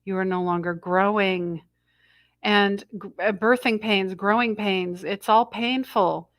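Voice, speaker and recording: A woman's voice: medium pitch, fairly even intonation, slow, no room sound. A middle-aged woman hosting a spiritual energy update in a mid-range voice. She rambles, cuts herself off and restarts, and relays the messages she says she is hearing. The sound is close and dry, with little room. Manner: rambling, self-interrupting, channels messages she hears. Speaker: intuitive astrology host.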